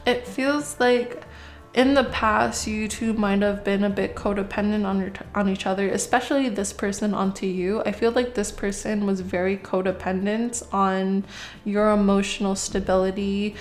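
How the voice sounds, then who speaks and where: A woman's voice: medium pitch, fairly even intonation, normal speed, soft background music. Chatty woman rambling through a tarot reading. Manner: rambling and chatty, many fillers, swears when worked up. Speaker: tarot reader. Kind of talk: casual tarot reading to camera.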